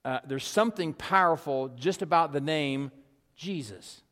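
A man preaching a sermon in a conversational way, with rhetorical questions, repeated calls and asides. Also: fairly high pitch. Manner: drops to a soft, slow, hushed delivery. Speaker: pastor. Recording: long hall reverb.

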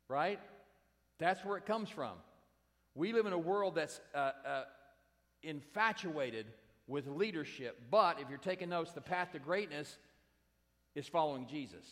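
A male pastor delivering a sermon with a somewhat high-pitched voice. He speaks emphatically and talks straight to the congregation, circling back to his key lines. His voice carries a long reverb in a church sanctuary. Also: a bit bright. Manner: emphatic, repeating key phrases, direct address to congregation.

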